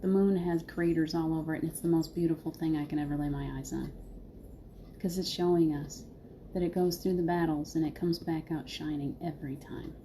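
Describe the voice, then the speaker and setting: A woman's voice: low-pitched, fairly even intonation, brisk, dark tone, a little hiss or hum. A middle-aged woman hosting a heartfelt live spiritual talk, laughing often and answering viewers by name.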